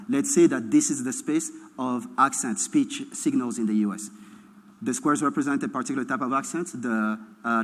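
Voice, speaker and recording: A man giving a keynote lecture, explaining slowly, repeating his points and often checking with "right?". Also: medium pitch. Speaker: keynote speaker. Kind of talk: academic lecture. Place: large lecture hall. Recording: echoey lecture hall with long reverb.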